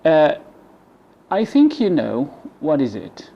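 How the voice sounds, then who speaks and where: Egyptian man teaching pronunciation slowly. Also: huge pitch swings, gravelly, warm tone. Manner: slow, deliberate model words, drops low at phrase ends. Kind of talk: bilingual pronunciation lesson. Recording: dull lo-fi recording with faint noise.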